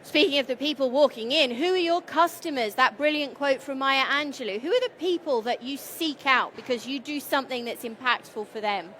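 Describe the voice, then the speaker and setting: A woman's voice: sits high, brisk, few pauses, bright, forceful tone. A woman presenting at a conference, engaging the audience with questions. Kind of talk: conference talk.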